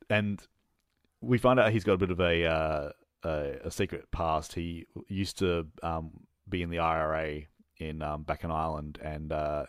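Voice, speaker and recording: A man co-hosting a casual movie chat, telling the plot in a halting, rambling way with lots of fillers and restarts, laughing at his own jokes. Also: deep voice, no echo, studio quality. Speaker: podcast co-host reviewing movies.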